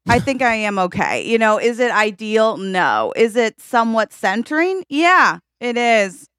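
Animated woman cohost joking about herself, smooth clear voice. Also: fairly high pitch, measured pace, no echo, studio quality. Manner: animated, self-mocking. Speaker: podcast co-host. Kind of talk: casual chat.

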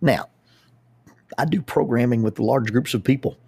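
A man, a public speaker and youth group leader telling a personal story in an animated way, often restarting his words. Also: medium pitch, normal speed, gravelly, slightly rough, no echo. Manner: animated, with repeated starts and lively asides.

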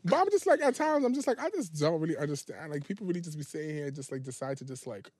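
A man in his twenties co-hosting a podcast, talking bluntly in fast, slangy casual chat. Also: fairly high pitch, big pitch swings, darkish tone, no room sound. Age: 20s. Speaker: podcast co-host.

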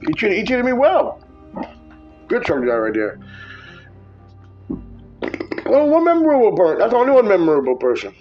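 A man telling rambling, profane stories from his driving work in a casual podcast chat, jumping into a high voice when quoting people. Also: huge pitch swings, moderate pace, long pauses, muffled recording, soft background music. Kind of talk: casual storytelling.

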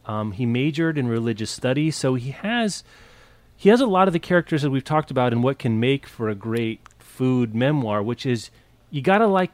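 A man's voice: mid-range voice, expressive, normal speed, no room sound. A man co-hosting a podcast, enthusiastic and rambling as he recommends books with many restarts. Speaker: podcast co-host. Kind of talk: casual book chat.

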